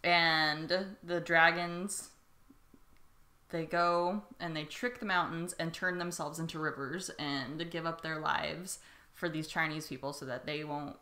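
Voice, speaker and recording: A woman's voice: low-pitched, sharp tone. A young woman co-hosting a podcast, retelling a story in casual, bubbly chat and slipping into playful voices. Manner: bubbly, giggly, acts out voices in her retelling. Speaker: podcast co-host. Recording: echoey room.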